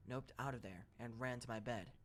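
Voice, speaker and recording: A man narrating first-person scary stories in a steady, even read-aloud delivery. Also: mid-range voice, brisk, a little hiss or hum. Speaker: story narrator.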